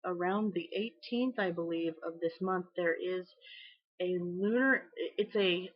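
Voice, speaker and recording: A woman's voice: fairly low pitch, a little slow. A middle-aged woman giving a casual, rambling tarot reading, full of fillers and small laughs. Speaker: tarot reader. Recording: slightly dull lo-fi audio.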